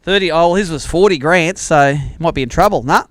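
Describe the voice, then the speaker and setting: A man's voice: a little high, brisk, fairly bright tone. Chatty Australian man emceeing a weigh-in. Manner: upbeat, chatty, calls anglers "mate". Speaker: tournament weigh-in MC. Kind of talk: live announcing and banter. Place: outdoor weigh-in stage.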